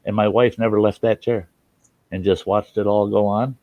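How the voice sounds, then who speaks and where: A low-voiced older American man chatting casually as host. He tells long, frank stories and acts out what other people said. The sound is dry and a little dull. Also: little pitch movement, normal speed, no echo. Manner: rambling, frank, swears freely, acts out quotes. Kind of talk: casual storytelling chat.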